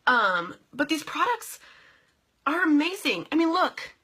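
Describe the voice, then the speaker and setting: A woman's voice: high-pitched, very animated, unhurried, bright, forceful tone. A young woman, chatting on a casual live video and calling out viewers by name in a bubbly, goofy way. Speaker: vlogger and direct sales team leader.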